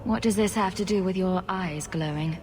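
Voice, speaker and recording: A woman's voice: on the low side, normal speed, a little mellow, a little hiss or hum, close to an everyday voice. An actress voicing a sardonic female hero in video game dialogue, with a dry, teasing manner.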